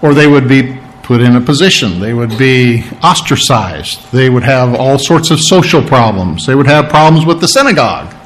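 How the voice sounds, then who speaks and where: A man preaching a sermon in a conversational way, who repeats words for emphasis and often clears his throat. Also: mid-range voice, animated, normal speed, hardly any pauses, a little hiss or hum.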